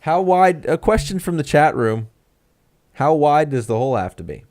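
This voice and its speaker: A man's voice: fairly high pitch, very animated, normal speed, darkish tone. A man co-hosting a casual comedy tech podcast, joking around and playful. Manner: jokey, playful, drifts into put-on voices. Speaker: podcast co-host. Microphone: webcam.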